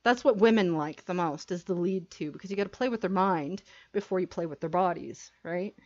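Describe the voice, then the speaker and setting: A woman's voice: lowish voice, fairly quick, a little mellow, dull audio. A woman who writes erotica, talking frankly and animatedly as a podcast guest, with many fillers. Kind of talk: casual podcast chat.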